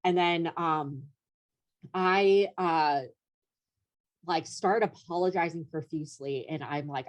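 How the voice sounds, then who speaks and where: Young woman guest, low voice, rambling story with plenty of "like" and "um", laughs here and there; casual podcast chat. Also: takes it slowly, long pauses. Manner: rambling, filler-heavy, laughs through story. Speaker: comedian guest.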